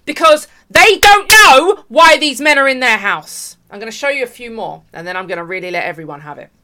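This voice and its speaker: A woman's voice: on the high side, lively intonation, brisk, sharp tone. Emphatic woman hosting a commentary show. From United Kingdom. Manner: emphatic, repeats points, talks to viewers. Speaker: host of an online commentary show. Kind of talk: opinionated commentary.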